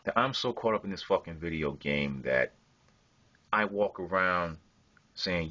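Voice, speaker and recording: Profane ranting young man, lively pitch. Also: a little slow, long pauses, no echo. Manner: profane, confrontational. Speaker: online gamer. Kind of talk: angry rant to camera. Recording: dull lo-fi home recording.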